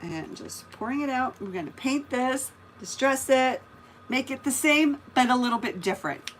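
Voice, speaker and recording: A woman's voice: high voice, animated, normal speed, a little hiss or hum. A woman hosting a casual live craft stream, chatting and greeting viewers by name as she works. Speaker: craft livestream host.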